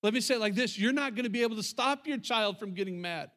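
Man, pastor, sermon, high voice, emphatic, repeats himself, middle-aged. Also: fast, bright, forceful tone. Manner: emphatic, repetitive, talks to the congregation.

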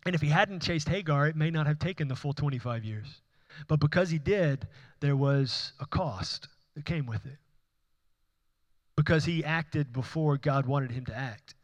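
A man preaching a sermon, speaking in an earnest, conversational way with frequent restarts. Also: a little high. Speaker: pastor.

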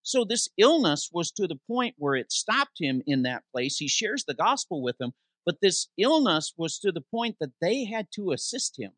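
Pitch-raised, close-miked preaching man. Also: no echo. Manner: animated preaching, reads scripture aloud with slowed emphasis; asks the congregation questions and answers them. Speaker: interim pastor. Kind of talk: sermon. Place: church sanctuary.

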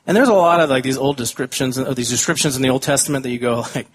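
A man preaching a sermon as pastor, chatting his way through side tangents and reading scripture slowly and deliberately. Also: mid-range voice, slightly rough. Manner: conversational, wanders into side tangents.

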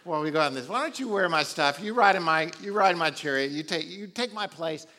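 A man's voice: a little high, animated, brisk, sharp tone. A preacher voicing a boastful, careless ancient king in a brash, offhand way, as he retells a Bible story in a sermon.

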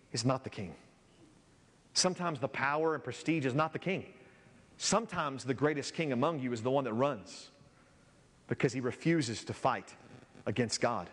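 A man's voice: medium pitch, long reverb tail. A man preaching a sermon as a pastor, reading scripture aloud and building in intensity.

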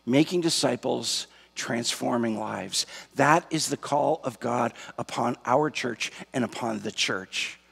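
Male pastor, slow gravelly delivery, husky tone, reverberant sanctuary sound. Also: mid-range voice, fairly bright tone. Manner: slow, emphatic preaching with repetition. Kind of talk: sermon. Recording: long hall reverb.

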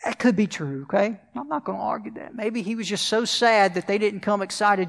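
A man's voice: sits high, fairly quick, gravelly, fairly bright tone, long reverb tail. A male pastor preaching a sermon, asking the congregation questions as he goes.

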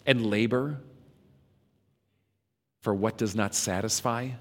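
Slow-spoken man in a reverberant hall. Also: on the low side, a bit bright. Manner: slow, dramatic reading of scripture questions. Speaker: preacher. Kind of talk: reflective devotional talk.

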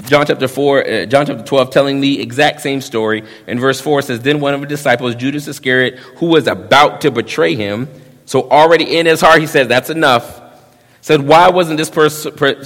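A man, preaching a sermon, swinging between hushed asides and loud emphasis and acting out quick quotes. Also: medium pitch. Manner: drops into quick voiced quotes of young men. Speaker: pastor. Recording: long reverb of a church hall.

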